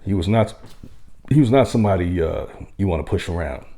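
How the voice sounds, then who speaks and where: A man with a very low voice tells a story from his time among veterans. His tone is dark and gravelly, and his delivery is easygoing and conversational, broken by the odd chuckle. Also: lively intonation. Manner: unhurried, conversational, with occasional chuckles. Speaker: military veteran telling a story. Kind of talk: casual spoken storytelling.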